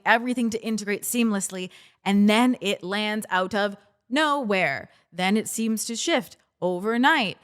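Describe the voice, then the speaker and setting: A woman hosting a self-help podcast, talking casually and coaching listeners, acting out their excited reactions. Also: mid-range voice, normal speed, clean tone. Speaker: podcast host.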